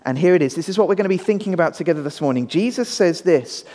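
A middle-aged man, a pastor, giving an animated children's talk in a sermon and often asking the audience questions in a large church hall. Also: sits high, fast, few pauses. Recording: long reverb of a large hall.

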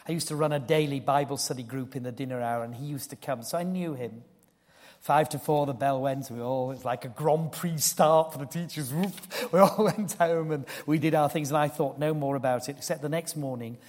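An older man preaching a sermon, telling a personal story earnestly and dropping to a hushed tone for solemn moments. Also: mid-range voice. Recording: long hall reverb.

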